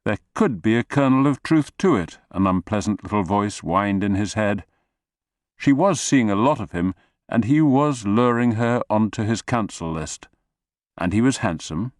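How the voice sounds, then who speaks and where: Male audiobook narrator, measured delivery, low voice, dry close recording. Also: no echo. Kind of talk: scripted narration.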